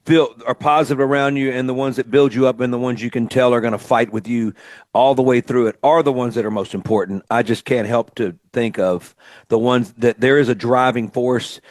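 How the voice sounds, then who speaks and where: A man from Mississippi hosting a relaxed radio chat. He talks in a reflective, grateful way, and his phrases drift along at an easy pace. The sound is close and dry, with no room echo. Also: medium pitch, a little fast. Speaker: radio show host and singer-songwriter.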